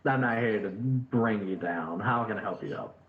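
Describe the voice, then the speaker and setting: A man's voice: fairly low pitch, a little hiss or hum, natural voice. A man voicing a friendly young male orphan warrior who stammers and repeats himself in his hurry. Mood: earnest. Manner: quick, hesitant, repeats words. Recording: echoey, tinny voice-chat line.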